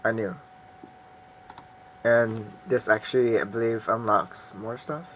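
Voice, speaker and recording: A man's voice: lowish voice, steady tone, measured pace, fairly bright tone, slight background noise. A man casually playing through a game and reading it aloud, with mumbled asides. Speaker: gaming video host. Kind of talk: let's play commentary.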